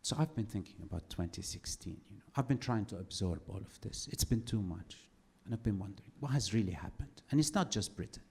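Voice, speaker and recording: A man doing a stand-up comedy set, telling his story with sardonic, animated delivery. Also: fairly low pitch, fairly quick, creaky, hardly any pauses, husky.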